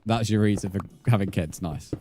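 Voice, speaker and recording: This gaming streamer, a young man, chats with his viewers while playing, trading jokes and laughing frequently. He speaks fairly quickly in a mellow, lowish voice over faint background noise.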